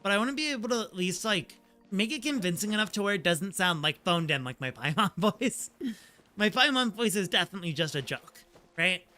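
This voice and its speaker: A man's voice: high-pitched, expressive, brisk, sharp tone. A man streaming a game and chatting casually, rambling with lots of "like" fillers and laughing easily. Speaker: streamer and voice actor. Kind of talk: casual gaming stream chat. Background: faint game music.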